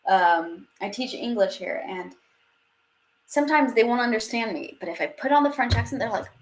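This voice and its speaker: A young woman with a fairly high, lively voice teaches a live online language class at a moderate pace. She's chatty, laughs often, and sprinkles French phrases into her English. The audio comes through a webcam or headset on a video stream.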